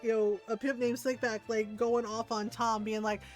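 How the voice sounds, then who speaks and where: A woman with a high voice chats through a casual gameplay stream. She laughs easily and tells her stories with lively energy. Soft game music plays faintly behind her. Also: moderate pace. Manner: chatty, laughs often, animated storytelling.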